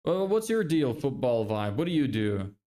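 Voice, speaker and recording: A man's voice: mid-range voice, very animated, normal speed, dark tone. Chatty young man streaming. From Ireland. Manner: loose and chatty, swears, laughs often. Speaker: livestreamer and agency owner. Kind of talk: casual livestream chat reading viewer messages.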